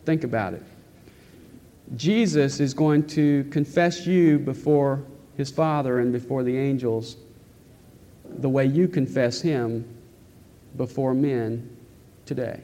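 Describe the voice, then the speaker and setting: Male pastor, earnest emphatic sermon delivery, mellow tone, long reverb of a church hall. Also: fairly high pitch, a little slow. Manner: earnest, emphatic preaching with rhetorical questions. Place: church sanctuary.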